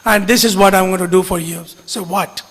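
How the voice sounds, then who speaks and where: A man tells a story to an audience, slow and earnest. His voice sits high and bright for a man. It rings with a long reverb, as in a hall. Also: fairly even intonation. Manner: earnest, deliberate, mixes in Hindi phrases. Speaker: speaker recounting his media engagement.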